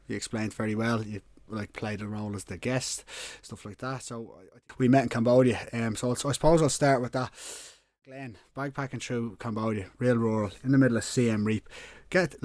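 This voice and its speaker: Lad hosting a pod, slangy n sweary, mid voice, dry close mic. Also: male voice, medium pitch, no room sound. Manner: loose, slangy, laughing, swears. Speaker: podcast host. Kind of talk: casual interview.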